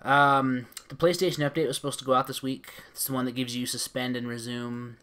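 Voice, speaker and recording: A man's voice: medium pitch, level tone, brisk, pushed and bright. A man hosting a podcast, rambling through gaming news with lots of fillers and restarts over an internet call. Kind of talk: casual chat.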